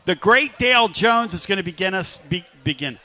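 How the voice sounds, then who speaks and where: A man hosting a live sports talk radio show from a restaurant, talking loud and hyped as he works up the crowd. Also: high voice, expressive, normal speed. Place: live remote broadcast at a riverside restaurant.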